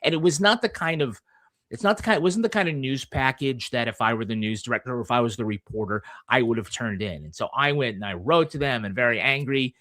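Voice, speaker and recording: A man's voice: mid-range voice, quick pace, a bit bright, no room sound. A man from Massachusetts with a Boston accent, a guest author in casual podcast conversation who tells stories at length and plays along with teasing.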